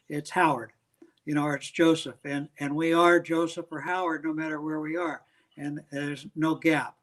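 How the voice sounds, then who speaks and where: A man's voice: a little high, pushed and bright, low-quality recording. An older man being interviewed as a guest, answering earnestly and making his points with everyday examples. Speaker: guest, business leader.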